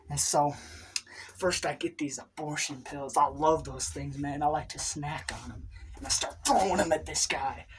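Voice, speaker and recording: Deep-voiced woman, deadpan comedy storyteller, laid-back drawl, faint hiss. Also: moderate pace.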